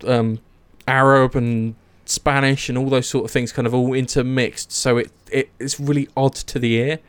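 A man's voice: mid-range voice, little pitch movement, moderate pace, clean tone, no room sound. A man chatting casually and eagerly about a series, rambling with many fillers and restarts. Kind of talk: casual chat.

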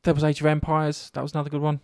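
A man's voice: a little high, racing, clear, resonant tone, no echo, studio quality. A man chatting casually about games, rambling and swearing freely as he tells stories. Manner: rambling, swears often, animated storytelling.

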